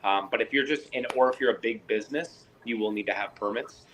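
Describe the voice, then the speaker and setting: A Canadian fish keeper chats casually on a live chat, his lowish voice running a little fast. The recording is low quality with slight hiss or hum, and he animatedly acts out both sides of the conversations he recounts.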